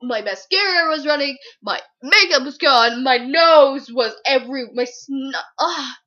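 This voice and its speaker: Young woman, high voice, slow talker, giggly, rambling, casual book review vlog, slightly lo-fi audio. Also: lively intonation, pushed and bright.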